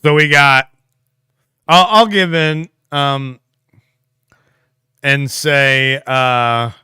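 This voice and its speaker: A mid-range voice, very slow, clear and resonant, recorded in a clean studio with no room sound. This livestream co-host casually answers viewers' comments, musing aloud with fillers and laughter.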